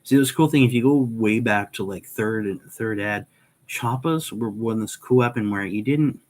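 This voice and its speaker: A man's voice: on the low side, normal speed, darkish tone, poor audio. A man hosting a casual livestream, thinking aloud with restarts and reading out game stats. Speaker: livestream host.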